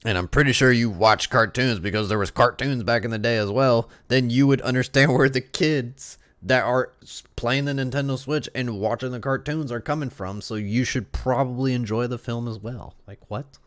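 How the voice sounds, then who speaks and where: A man's voice: mid-range voice, normal speed, hardly any pauses, a bit bright, no echo. A man giving casual reaction commentary, sarcastically arguing back at critics and rambling with restarts. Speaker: YouTube movie commentator.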